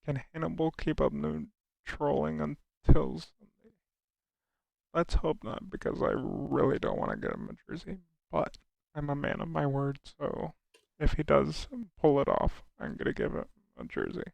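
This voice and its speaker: A young American man on a live stream, answering his viewers' questions one by one. His voice is heavily gravelly and swings widely in pitch, and he often trips over the start of a sentence before going on. The sound is close and dry, with no room around it. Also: huge pitch swings, moderate pace, a little mellow, dry recording. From United States. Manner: reads out and answers chat questions, with frequent restarts. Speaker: livestreamer. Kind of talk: casual live-stream chat.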